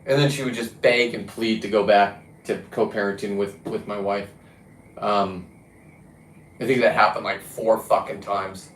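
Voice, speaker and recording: A man's voice: fairly low pitch, steady tone, a little slow, a little hiss or hum. A man talking in a casual, rambling monologue about diving and fishing, blunt and profane, often restarting his sentences. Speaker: diver and fishing vlogger. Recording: roomy echo.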